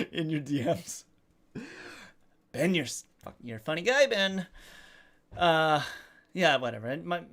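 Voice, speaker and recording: This man's voice sits high and has a fairly bright tone. Hosting a laid-back live stream, he reads viewer comments, pokes fun at himself, and drops the occasional swear word.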